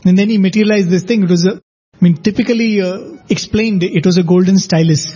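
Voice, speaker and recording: A man's voice: high-pitched, steady tone, fast talker, warm tone, slightly rough, dull audio. A man in a devotional discussion, explaining episodes at length with frequent asides.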